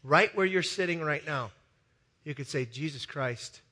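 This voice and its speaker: A male pastor preaching a sermon in a church with a balcony, telling a story that swings from loud, excited passages to soft, hushed ones. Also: a little high, normal speed.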